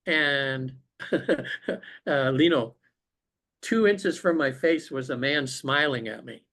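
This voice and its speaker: A man's voice: medium pitch, takes it slowly, fairly bright tone. A man, a podcast guest, earnestly recounting a personal spiritual experience over a remote call. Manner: earnest, reflective storytelling. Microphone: remote call connection.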